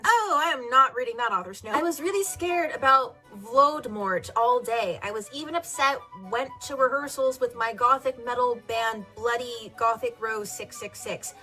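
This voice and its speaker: A young woman reading aloud in a theatrical, comedic style, breaking off for sarcastic asides. Her voice is high-pitched, and music plays steadily behind her. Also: normal speed, few pauses, bright, forceful tone. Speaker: reader. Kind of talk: comedic dramatic reading of fan fiction.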